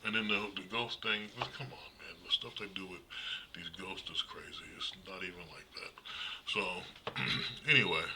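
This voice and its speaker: A man giving a casual, rambling horror movie review, blunt and quick to laugh, with plenty of fillers. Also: sits low, background noise.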